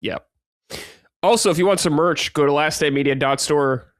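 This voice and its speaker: A man's voice: a little high, normal speed, no room sound. A man hosting a podcast, chatting casually with dry joking asides and reading listener mail. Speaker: podcast host. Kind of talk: casual chat.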